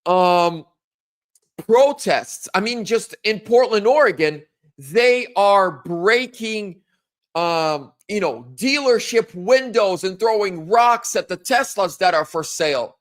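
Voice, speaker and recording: A man in his thirties hosting a casual political monologue, animated, acting out quotes in a higher voice. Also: takes it slowly. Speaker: political commentary host.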